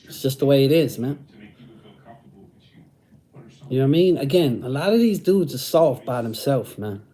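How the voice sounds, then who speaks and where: A man's voice: mid-range voice, expressive, moderate pace, warm tone. A middle-aged man chatting casually on a livestream, using street slang and repeating phrases. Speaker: host reading live chat.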